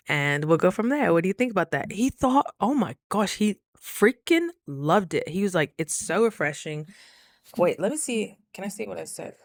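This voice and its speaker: A young woman vlogs in a casual, chatty way, acting out what others said with lively asides to her viewers. Her voice sits a bit low for a woman, and the sound is close and dry with no room around it. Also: no room sound. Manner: chatty, animated, acts out quoted dialogue; frequent rhetorical asides to viewers. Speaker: vlogger. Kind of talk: casual storytelling vlog.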